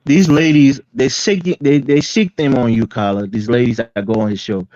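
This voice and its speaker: A man on a call-in panel who teases the host and lectures him on how to run his show. His line sounds dull and muffled, with no room sound around it. His pitch is ordinary for a man. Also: fairly even intonation, moderate pace, warm tone, no room sound. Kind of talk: casual debate talk.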